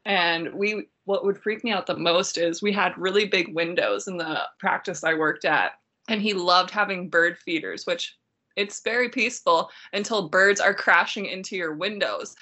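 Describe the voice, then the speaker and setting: Bright-voiced woman chatting as a podcast guest. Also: on the low side, normal speed. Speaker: podcast guest, dental hygienist. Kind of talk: casual chat.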